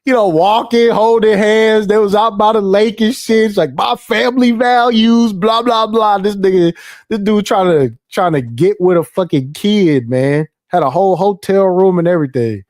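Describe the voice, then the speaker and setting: Livestream host, male, slightly high voice, dry close sound, swears a lot and rambles. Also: moderate pace, no room sound. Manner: animated, profane, rambling. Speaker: live stream host. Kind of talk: casual livestream commentary.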